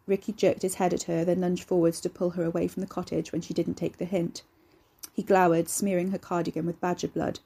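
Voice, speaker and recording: Husky woman reading horror fiction. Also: on the low side. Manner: measured, steady storytelling. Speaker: narrator and author.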